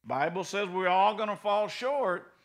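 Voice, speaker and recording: A middle-aged man preaching a sermon in a folksy, animated way, swinging from loud bursts to soft, low passages. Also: measured pace. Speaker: pastor.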